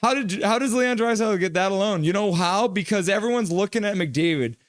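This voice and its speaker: A man hosting a live hockey reaction stream, calling plays and reading out chat messages with excitement. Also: sits high, a little fast, dry recording, studio quality. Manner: excitable, chatty, reads chat aloud.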